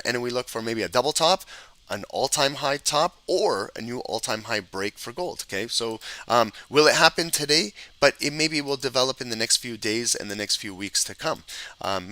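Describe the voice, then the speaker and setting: Man, trading teacher, bright forceful voice, live chart walkthrough, instructive, checks in often. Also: medium pitch, dry recording, poor audio. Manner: instructive, repeats "okay?" checks, animated auctioneer riffs. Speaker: trading educator. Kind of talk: live screen-share market analysis.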